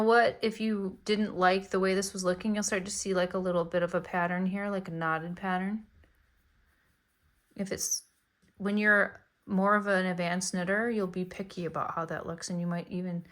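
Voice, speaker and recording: A woman's voice: lowish voice, flat delivery, moderate pace, fairly bright tone. A woman teaching beginners to cast on knitting stitches, explaining each step in a chatty, encouraging way. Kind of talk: casual tutorial narration.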